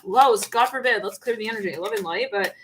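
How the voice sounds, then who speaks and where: A woman's voice: fairly high pitch, fairly quick, slight background noise. Giggly tarot-reading woman. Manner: giggly, rambling, laughs often. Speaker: tarot reader. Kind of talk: channeled tarot reading livestream.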